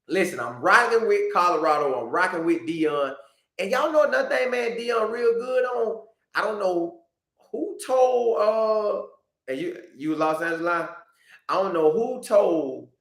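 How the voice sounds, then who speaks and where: Animated man chatting in an echoey room. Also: high voice, gravelly. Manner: animated, repetitive, talks straight to viewers. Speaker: podcast host reading live chat. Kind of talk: casual live-stream chat.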